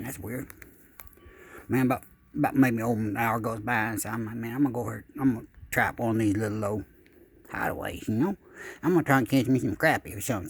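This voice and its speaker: Folksy man with a husky voice. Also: mid-range voice. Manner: folksy, rambling, deadpan asides. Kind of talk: comic rambling storytelling.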